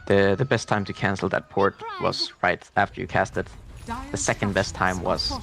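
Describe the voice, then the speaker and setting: Gravelly low-voiced male esports analyst. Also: steady tone, moderate pace, fairly bright tone, faint music behind. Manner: thoughtful, hesitant, lots of fillers. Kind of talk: color commentary.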